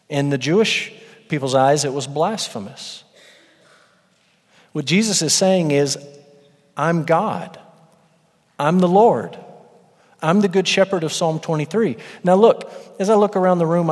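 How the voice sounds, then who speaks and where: A man's voice: on the high side, darkish tone. A man in his thirties preaching a sermon to his church, earnest and building to emphatic peaks. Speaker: pastor. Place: church sanctuary. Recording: long hall reverb.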